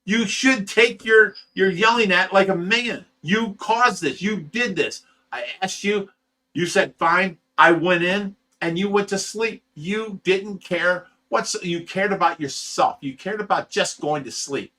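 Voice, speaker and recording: A man's voice: sits high, a little slow, sharp tone. A man who runs a fish rescue, telling a story on a livestream in a heated, profane way and stammering over repeated words. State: sleep-deprived.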